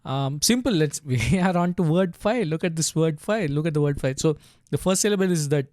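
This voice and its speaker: A man's voice: fairly high pitch, normal speed, a little mellow, no room sound, studio quality. A man teaching a casual tutorial, patiently sounding out syllables and checking in with "right?" after each step. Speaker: language teacher.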